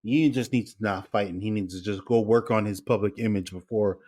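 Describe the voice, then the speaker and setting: A man's voice: on the low side, brisk, mellow. A man co-hosting a podcast in casual chat, blunt, profane and joking. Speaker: podcast co-host.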